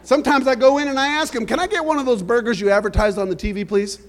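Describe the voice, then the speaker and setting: A man's voice: very high-pitched, fairly even intonation, fast talker. A middle-aged man preaching a sermon, telling stories and asking the congregation "amen?". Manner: storytelling, frequent "amen?" to the congregation. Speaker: pastor.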